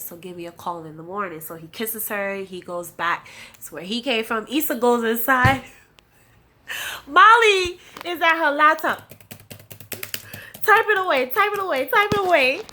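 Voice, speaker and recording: A woman's voice: on the high side, slight background noise. A woman in her late twenties giving a casual spoken recap of a TV episode, acting out the characters' lines as she retells them. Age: late 20s. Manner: animated retelling, acting out quotes, laughing often. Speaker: TV recap reviewer.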